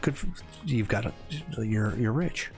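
A man's voice: on the low side, animated, a little slow, a little mellow. Man in his forties, game stream host, rambling, gets heated, faint music behind. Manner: rambling, gets worked up, then apologizes. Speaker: livestream host. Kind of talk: casual gaming livestream chat.

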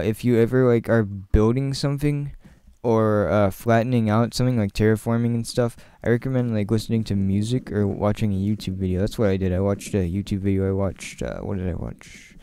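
Mellow-voiced man chatting over gameplay. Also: lowish voice, normal speed, clean tone, no echo. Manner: chatty, jokey, laughs often; rambling, talks to viewers directly. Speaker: gaming channel host. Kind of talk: casual gameplay commentary.

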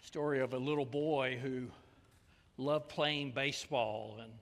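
A man preaching a sermon as pastor in a church, his delivery swinging from raised calls to hushed, near-whispered lines. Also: medium pitch, fairly even intonation, a little slow. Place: church sanctuary. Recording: long reverb of a church hall.

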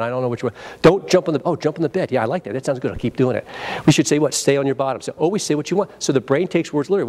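A man presenting a live sales training seminar at a convention, acting out phone greetings and drawing the room into call-and-response. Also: medium pitch. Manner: energetic, acts out phone greetings, leads audience call-and-response.

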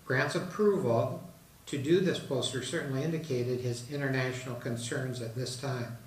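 A man giving a talk to an audience on an artist, pausing often with uh and um. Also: medium pitch, slight background noise. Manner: halting, with many uh and um fillers. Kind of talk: presentation to an audience. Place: hall in a retirement residence. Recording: roomy hall, mic at a distance.

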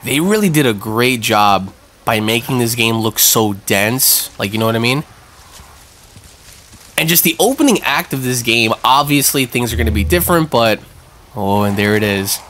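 A man hosting a gaming channel, giving excitable let's-play commentary with swearing and jumpy reactions. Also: medium pitch, normal speed.

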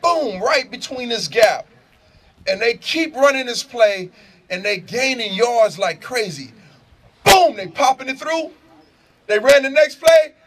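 High-pitched shouting man preaching. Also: expressive, a little slow, a little hiss or hum. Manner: loud, shouting, laughing, street-slang storytelling. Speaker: motivational speaker. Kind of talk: animated preaching and storytelling. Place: prison gathering space.

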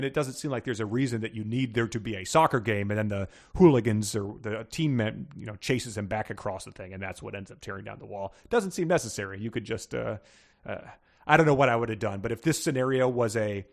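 A man co-hosting a casual book podcast, rambling through plot summaries with frequent restarts and laughter. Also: mid-range voice. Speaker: podcast co-host.

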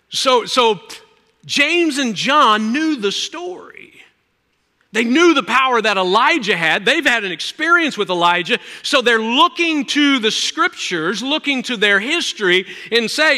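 A male pastor preaching a sermon, swinging between loud, emphatic lines and hushed ones. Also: sits high, lively intonation, moderate pace. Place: church sanctuary. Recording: reverberant church hall.

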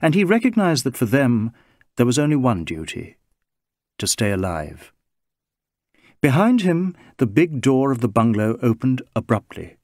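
A man reading a novel aloud as narrator, in a measured, expressive manner. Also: medium pitch, no echo, clean studio sound. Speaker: audiobook narrator. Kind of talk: scripted narration.

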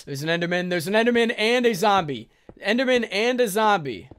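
A young man giving casual let's-play commentary, excitable and swearing, breaking into panicky outbursts. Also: high voice, brisk, smooth. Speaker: gaming YouTuber.

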